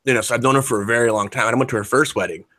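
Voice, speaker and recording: A man in his forties rambles through a casual chat, swearing freely and restarting his sentences. His voice is bright and forceful, set at a middle pitch. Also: fairly even intonation, rapid-fire, no room sound. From United States. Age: 40s. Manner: rambling, profane, many fillers and restarts.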